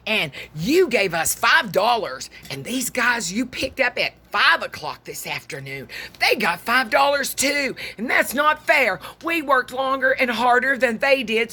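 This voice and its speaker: A woman voicing a group of indignant farm workers complaining about their pay, in a whiny, drawn-out way. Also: on the high side, expressive, bright, forceful tone, slightly rough, pitched above the performer's own voice, heavily acted. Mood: aggrieved. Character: grumbling early-morning farm workers, indignant.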